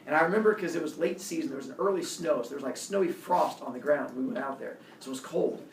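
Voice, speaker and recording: A man's voice: fairly high pitch, quick pace, echoey room, distant mic, slight background noise. A man, a coach, telling a personal story casually and acting out the voices of the people in it. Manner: animated, acts out quoted voices.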